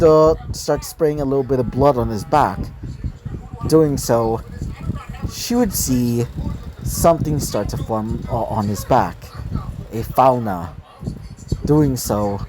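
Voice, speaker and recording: A man's voice: fairly high pitch, darkish tone, slight background noise, low-quality recording. Rambling man narrating fan fiction. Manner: rambling, many fillers and self-corrections. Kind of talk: casual improvised story narration.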